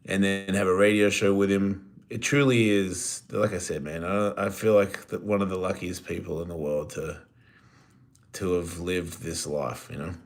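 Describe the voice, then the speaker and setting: A man with a very low, deep voice hosts a casual live stream and chats with his viewers. His talk rambles and jokes, with plenty of swearing. He sounds middle-aged and relaxed in his manner. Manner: rambling, profane, joking. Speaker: live-stream host answering chat.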